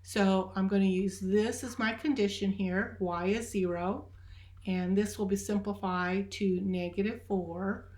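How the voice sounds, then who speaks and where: A woman at a middle pitch for her sex talks through calculus problems one step at a time. Her delivery is steady and methodical, with frequent small "uh" fillers as she works. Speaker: math teacher. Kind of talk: recorded math lecture.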